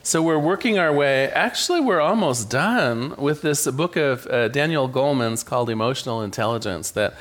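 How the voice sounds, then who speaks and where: Lively joking minister. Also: male voice, medium pitch, normal speed, hardly any pauses. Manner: conversational, joking. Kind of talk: sermon.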